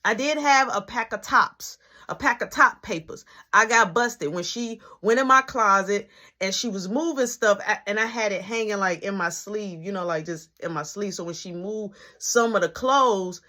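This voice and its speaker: Woman storyteller, lively and chatty, crisp bright voice. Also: medium pitch, moderate pace. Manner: animated, conversational, with dramatic asides. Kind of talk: casual personal storytelling.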